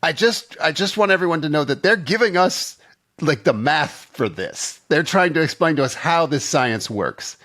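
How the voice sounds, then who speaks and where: A man's voice: fairly high pitch, expressive, normal speed, fairly bright tone. A man co-hosting a comedy podcast, explaining things in a dry, sarcastic way. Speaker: podcast co-host. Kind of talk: casual comedic chat.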